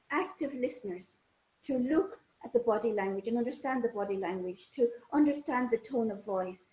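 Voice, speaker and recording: A woman's voice: a little high, mellow. A woman giving a parenting workshop online, talking straight to her audience and asking them questions. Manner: engaging, addresses audience with questions. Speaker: parenting trainer. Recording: echoey room.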